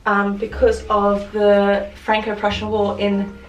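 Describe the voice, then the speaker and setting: A woman's voice: medium pitch, monotone, slow pace, muffled recording. Chatty Australian woman in an echoey room. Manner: chatty, rambling, corrects herself mid-sentence. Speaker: vlogger. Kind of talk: casual chat to camera. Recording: roomy echo, mic at a distance, music behind. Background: music.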